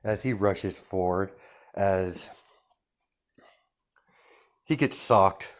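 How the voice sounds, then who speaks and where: A man's voice: low-pitched, drawn-out words. A young man improvising a fan fiction story, rambling with many fillers and restarts.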